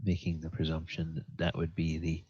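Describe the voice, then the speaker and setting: A man's voice: rumbling low, monotone, a little fast, mellow, slightly rough, no echo. A man running a tabletop game as game master, easygoing and hesitant with fillers, over an online voice call. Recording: dull lo-fi voice-call audio.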